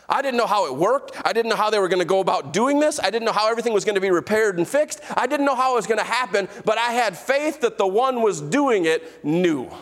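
A man preaching a sermon as pastor, emphatic, slowing down to stress key phrases and calling out to the congregation. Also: high voice. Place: church sanctuary.

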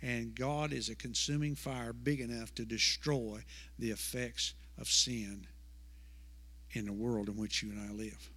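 A man's voice: medium pitch, fairly even intonation, a little slow, pushed and bright. A male pastor preaching a sermon in a church, emphatic, repeating words and asking rhetorical questions. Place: church sanctuary. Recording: long hall reverb.

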